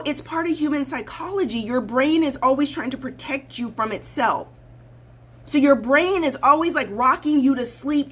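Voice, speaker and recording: A woman life coach hosting her own show, talking straight to viewers in a blunt, preachy way and repeating points for emphasis. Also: high voice. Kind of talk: livestream talk to viewers.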